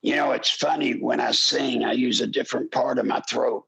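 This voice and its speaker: An older man hosting a political talk radio show, speaking with a gravelly voice in an impassioned, pleading monologue that rises into shouts. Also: mid-range voice, fairly even intonation, moderate pace, poor audio.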